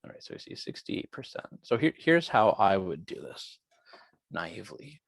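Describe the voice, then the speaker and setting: Gravelly low-voiced man teaching online. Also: big pitch swings, normal speed, dry recording. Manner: chatty, thinks aloud. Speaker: biology lecturer. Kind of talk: online lecture working through quiz questions.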